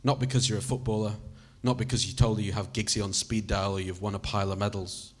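A man's voice: fairly low pitch, flat delivery, quick pace. A man reading a story aloud in the second person, in a conversational style with casual swearing. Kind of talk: audiobook reading.

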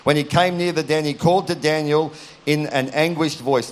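A middle-aged man delivers a sermon in an earnest, direct way, weaving personal stories into it. His voice sits slightly high for a man. He talks straight to the audience and asks them questions. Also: fairly even intonation, moderate pace. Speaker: preacher.

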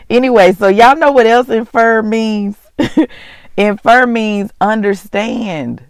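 A faith vlog host speaks in a casual, chatty way, calling listeners y'all and laughing often. The voice is gravelly and sits in a middle pitch. The sound is dry and close. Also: measured pace, no room sound. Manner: earnest and heartfelt, often moved to tears. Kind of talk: casual devotional talk.

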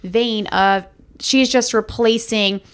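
A woman co-hosting a film review chat, picking apart a movie in an easy conversational manner. Her voice sits a little high, and she restarts her sentences as she thinks. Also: steady tone, slow, clear, resonant tone. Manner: chatty, analytical, frequent restarts. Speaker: podcast co-host.

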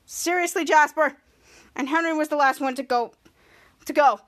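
A woman's voice: high voice, fairly even intonation, fairly quick. A woman podcast host casually recapping a TV episode, rambling and repeating herself as she goes.

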